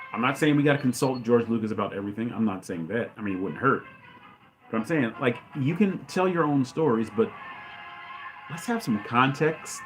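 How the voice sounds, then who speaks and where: A man hosting his own channel, delivering heated fan commentary. His voice sits mid-range and he keeps breaking into loud exclamations. Faint music plays under him. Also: mid-range voice. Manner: ranting, exclaims loudly. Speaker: channel host.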